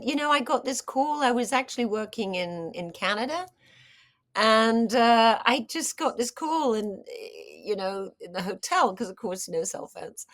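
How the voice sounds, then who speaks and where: A middle-aged woman, an actress, telling stories in a casual interview, animated and full of fillers and restarts. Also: fairly high pitch. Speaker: actress and screenwriter, interview guest.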